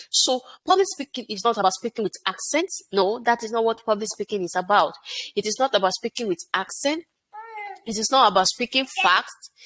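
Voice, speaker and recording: A woman's voice: a little high, a bit bright. Emphatic woman coaching public speaking. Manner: emphatic, repeats phrases and asks rhetorical questions. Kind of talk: motivational teaching talk.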